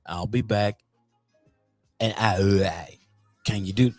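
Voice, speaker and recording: A man putting on the voice of a male film director quietly giving instructions. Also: on the low side, slow pace, no room sound, faint music behind, voice pushed down. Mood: instructing.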